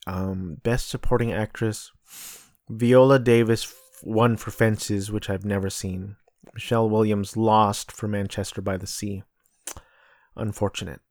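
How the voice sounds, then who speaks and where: A man's voice: lowish voice, fairly even intonation, measured pace, a little mellow, no room sound, studio quality. An American man rambling through casual solo commentary, a bit profane, looking things up aloud as he goes. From United States. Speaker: podcast host.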